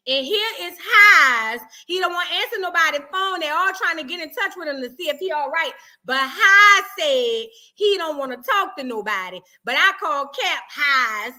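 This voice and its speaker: New lady hosting a live stream, high bright voice, jokey and slangy. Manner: animated, joking, full of slang. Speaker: live-stream reaction host. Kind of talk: casual live-stream commentary.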